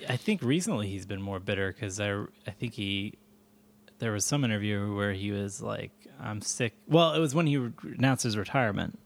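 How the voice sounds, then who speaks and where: Low, gravelly co-host, a man. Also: moderate pace. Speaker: podcast co-host. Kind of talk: casual chat.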